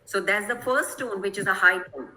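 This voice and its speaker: A woman's voice: medium pitch, normal speed, bright, forceful tone, poor audio. A woman from Kerala, giving an online lecture to teachers over a video call, explaining things patiently and often checking whether her listeners follow. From Kerala, India. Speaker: guest presenter.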